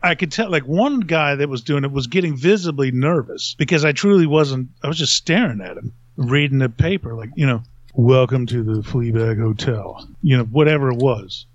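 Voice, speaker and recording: A man hosting a podcast tells a long, rambling story fairly quickly, with hardly any pauses and frequent chuckling. His voice is a little high, and the dry recording has a dull lo-fi sound.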